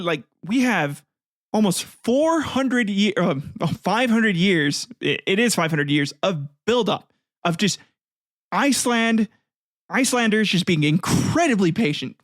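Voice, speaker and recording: A man's voice: high-pitched, big pitch swings, measured pace, a bit bright, no echo, studio quality. A man hosting a casual comedy history podcast, rambling and swearing, laughing often as he retells events. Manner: profane, rambling, laughs often, acts out voices. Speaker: podcast host.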